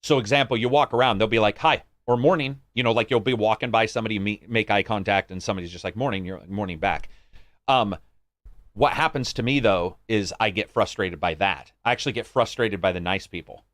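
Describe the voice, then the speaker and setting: A man's voice: fast talker, dry recording. A man from the United States co-hosting a podcast, chatting casually and swearing freely. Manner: animated, swears freely, acts out greetings in a higher voice. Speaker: podcast co-host. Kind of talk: casual chat.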